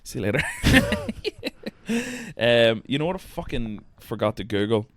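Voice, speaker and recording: A man's voice: mid-range voice, huge pitch swings, a little slow, fairly bright tone, no echo. Laid-back man hosting a podcast. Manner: rambling, swears freely, laughs a lot. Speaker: podcast host. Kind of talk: casual chat.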